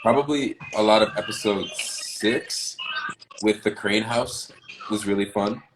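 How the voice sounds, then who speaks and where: A young American actor from the South chatting casually on a livestream video call, relaxed and quick to laugh. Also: male voice, fairly low pitch, background noise. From Southern United States. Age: young adult. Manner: laid-back, laughs often, drawls words slowly at times. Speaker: actor guest.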